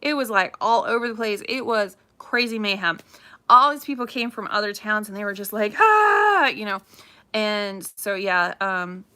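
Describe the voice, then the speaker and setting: A woman chatting casually on a livestream, gossipy and animated, repeating herself as she tells a local story. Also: mid-range voice, moderate pace, clean tone. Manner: chatty, animated, says "craziness" often. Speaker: realtor livestream host.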